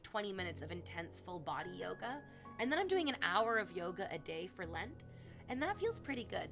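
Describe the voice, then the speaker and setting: A woman livestreamer talks casually to her chat, her thoughts rambling from one to the next. She gushes and sometimes slips into cooing baby talk. Music plays clearly in the background. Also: medium pitch.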